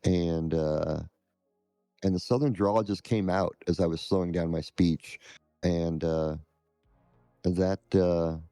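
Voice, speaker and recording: A man with a very low, mellow voice answers interview questions slowly and haltingly. His tone is smooth and resonant, and it is recorded dry and close. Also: fairly even intonation, no echo, faint music behind. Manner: halting, measured. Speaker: scam-baiting streamer, guest.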